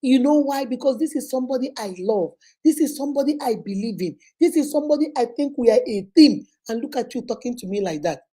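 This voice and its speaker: Nigerian woman, relationship advice host, emphatic, repetitive, warm higher voice. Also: expressive, fast, few pauses, breathy edge. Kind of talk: motivational talk to viewers.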